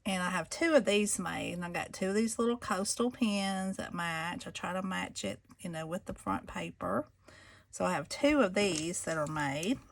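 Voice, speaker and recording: Chatty woman for a crafting vlog, gushing, with a gravelly fry in the voice. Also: fairly low pitch, moderate pace, a little hiss or hum. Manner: gushing, chatty, addresses viewers as y'all. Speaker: craft seller showing planners. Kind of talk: casual show-and-tell vlog.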